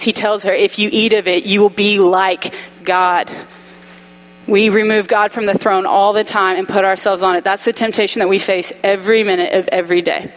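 A woman preaching a sermon in a conversational, animated way, acting out quoted voices with humorous asides. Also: mid-range voice, rough recording. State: dry mouth.

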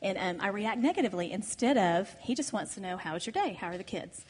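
A woman's voice: mid-range voice, lively intonation, quick pace, slightly rough. Candid woman speaking in a reverberant hall. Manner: candid, reflective, confessional. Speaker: marriage workshop co-speaker. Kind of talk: conversational seminar teaching.

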